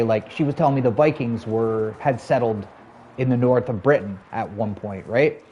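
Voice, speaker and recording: A man's voice: mid-range voice, normal speed, mellow, a little hiss or hum. A man in his thirties chatting casually to his stream viewers, rambling loosely with lots of "like" and "you know". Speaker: live streamer.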